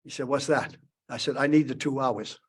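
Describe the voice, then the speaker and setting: At a conference panel, a Boston-area man in his seventies rambles through a story, restarting often. He speaks with a medium pitch and a steady tone at a moderate pace, with a breathy edge.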